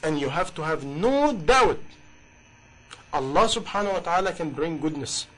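A man's voice: a little high, animated, normal speed, fairly bright tone, rough recording. A man preaching a sermon in passionate, English, with many rhetorical questions. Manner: impassioned, rhetorical questions, non-native grammar.

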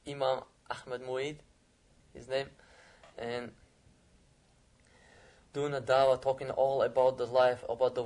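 Earnest man with flat, halting speech. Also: medium pitch. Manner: halting, searching for words, repeats phrases; earnest and emotional. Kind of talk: personal testimony.

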